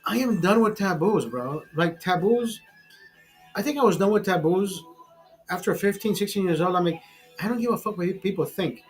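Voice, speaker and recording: A man's voice: sits high, moderate pace, faint music behind, low-quality recording. A man in his forties hosting a casual chat, rambling bluntly and swearing freely. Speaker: show host. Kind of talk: casual chat over drinks.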